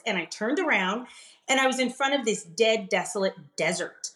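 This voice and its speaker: A middle-aged woman, a podcast guest, telling a personal story in an emphatic, animated way with frequent laughs. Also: fairly high pitch, normal speed. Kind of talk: conversational storytelling interview.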